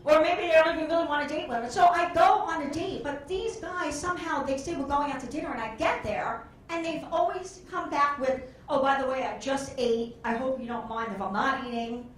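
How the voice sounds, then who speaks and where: A woman's voice: sits high, fairly quick, hardly any pauses, a little hiss or hum. A woman doing a stand-up comedy set on a club stage, telling brash, rambling stories full of quoted voices. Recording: echoey club room.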